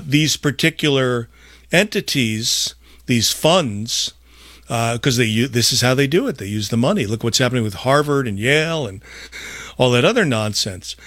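Animated male podcast host, dry sound. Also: mid-range voice, no echo. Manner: emphatic, rambling, swings in loudness. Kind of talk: casual podcast talk.

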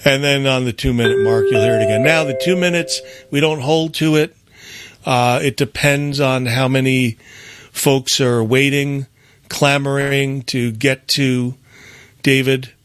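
Faint music plays behind a call-in radio co-host as he casually runs through the station lineup at a measured pace. His mid-range, fairly bright voice stays fairly even in intonation while he rambles with frequent fillers and restarts.

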